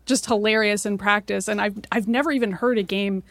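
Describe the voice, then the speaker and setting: A woman's voice: mid-range voice, a little fast, no echo, clean studio sound. A woman co-hosting a podcast, talking enthusiastically in casual chat. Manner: enthusiastic, animated retelling. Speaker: podcast co-host.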